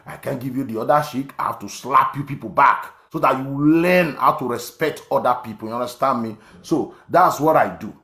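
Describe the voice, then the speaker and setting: Speaking in a medium-pitched, slightly bright voice, this Nigerian online commentator of around fifty holds forth on politics in a monologue. His delivery is emphatic and repetitive, with many fillers and false starts, and the room echoes.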